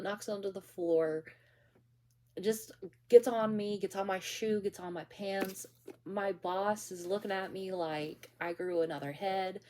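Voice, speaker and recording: A woman's voice: mid-range voice, a little mellow, slight background noise. A young woman casually telling a story about her bakery job, rambling with many restarts and fillers.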